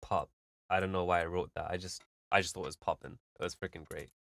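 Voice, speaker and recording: Male streamer, lowish voice, casual rambling feedback, dry close sound. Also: fairly even intonation, fast, vocal fry, fairly bright tone, no echo. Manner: rambling, filler-heavy, explains with vivid analogies. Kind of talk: casual live-stream commentary.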